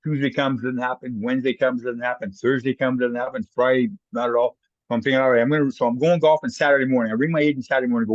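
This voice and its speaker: Canadian man, quick storyteller, dry muffled sound, animated anecdotes. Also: mid-range voice, dry recording. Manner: animated anecdotes, acts out quoted voices. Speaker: guest, former hockey player. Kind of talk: casual storytelling.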